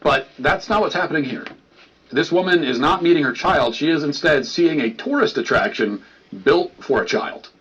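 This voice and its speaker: A man narrates a commentary video in a measured, dry tone. His voice has a husky edge. The sound is dull and lo-fi, like a video replayed on stream. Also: fairly high pitch, lively intonation, fairly bright tone. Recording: muffled lo-fi video playback.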